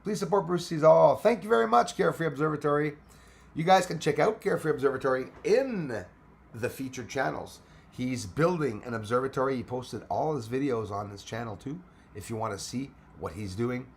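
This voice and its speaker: This space channel livestream host has a Quebec French accent and a gravelly mid-range voice, speaking a little fast with a faint hiss or hum in the audio. He chats casually with his viewers, moving between French and English and cursing freely.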